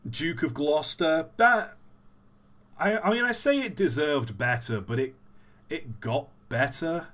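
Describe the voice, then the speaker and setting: A man hosting a casual live-stream Q&A, thinking aloud with hesitant pauses and repeated phrases. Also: on the high side, lively intonation, fairly bright tone. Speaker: livestream host.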